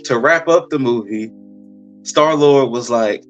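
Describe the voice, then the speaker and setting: A man chatting on a podcast, retelling a film scene by scene and slipping into little voices for the characters. He talks at an ordinary middle pitch. Faint music plays behind him. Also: measured pace, dull audio. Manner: animated retelling with playful quoted voices. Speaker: podcast host. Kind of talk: casual movie review chat.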